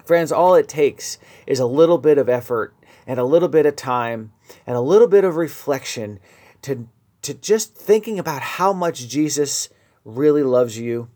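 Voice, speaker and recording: A man's voice: medium pitch, animated, moderate pace, warm tone. A man preaching a radio sermon, earnest and building to emphatic peaks.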